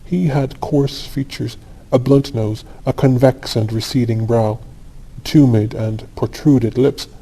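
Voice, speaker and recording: A man reads a classic story aloud for sleep, calm and unhurried. His voice is mellow and warm, at a middle pitch, and he keeps it even and steady. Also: a little hiss or hum, rough recording. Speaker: audiobook narrator.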